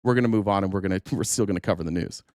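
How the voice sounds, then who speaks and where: A man streams political commentary on YouTube, sarcastic and heated, rambling and swearing while he argues with his chat and sounds openly angry. His voice sits low with a darkish tone, and he talks at a racing pace. The studio-quality recording has no room sound.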